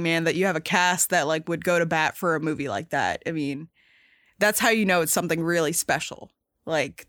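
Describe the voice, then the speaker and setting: Animated rambling woman podcast host. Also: lowish voice, no room sound, studio quality. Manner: animated, rambling with many fillers and restarts; swears casually, emphatic. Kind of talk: casual chat.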